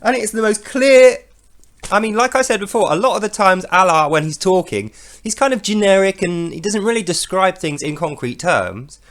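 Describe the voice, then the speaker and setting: A man with a high voice and a very animated delivery hosts a podcast. He talks over a scripture reading in a sarcastic, mocking way. He swears freely and often drops into loud mock voices. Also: a little fast.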